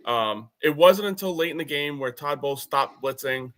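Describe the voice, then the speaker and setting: A man on a sports podcast panel, giving measured, analytical breakdowns of a game. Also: on the high side, expressive, fairly bright tone. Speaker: panelist, Jets fan.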